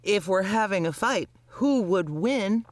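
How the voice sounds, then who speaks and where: A man co-hosting a podcast in casual chat, with a husky morning voice and a wry, rambling way of talking. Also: sits high, lively intonation, measured pace, dry recording. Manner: wry, rambling, laughs often. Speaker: podcast co-host.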